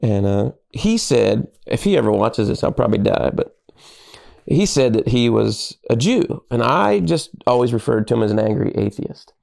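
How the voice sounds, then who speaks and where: A middle-aged man, a pastor and podcast guest, telling animated stories in casual conversation and acting out the lines of people he quotes. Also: mid-range voice, moderate pace, vocal fry.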